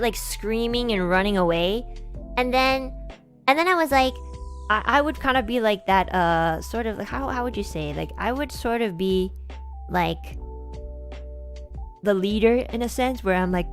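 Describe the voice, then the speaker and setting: A woman streamer telling a childhood story in casual, chatty talk, full of "like" and restarts, with lively bits where she acts out other people. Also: fairly high pitch, measured pace, faint music behind. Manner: chatty, animated, lots of "like" and restarts, voices kids and adults in quotes.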